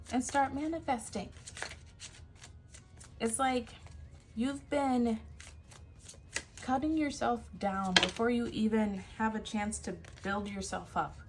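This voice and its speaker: A woman giving a casual tarot reading, emphatic, often laughing and sighing. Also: fairly high pitch. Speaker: tarot reader.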